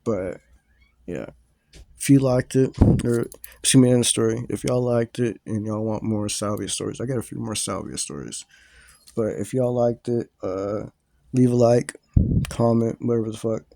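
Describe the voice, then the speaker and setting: A man's voice: medium pitch, moderate pace, creaky, mellow, no echo, studio quality. A young man casually telling a rambling story to his viewers, full of fillers and swearing.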